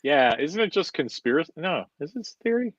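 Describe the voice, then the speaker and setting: A man's voice: fairly high pitch, big pitch swings, fairly quick, no room sound, highs cut off. A man co-hosting a podcast in casual chat, joking and teasing his co-host.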